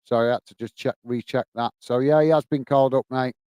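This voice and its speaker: A man's voice: mid-range voice, steady tone, a little fast, warm tone, smooth, dry recording. A British man hosting a live football watch-along, calling the play and chatting to viewers in the comments. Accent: British English. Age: adult, working age. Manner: chatty, reads out viewer comments, calls everyone mate. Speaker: host of a match watch-along. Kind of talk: casual live commentary and chat. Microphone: earpiece and close mic.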